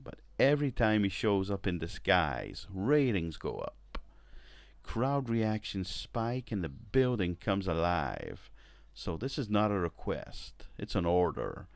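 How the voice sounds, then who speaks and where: A man voicing a commanding male TV network executive in a slow, deliberate put-on accent, in a dry, close recording. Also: low voice, no room sound.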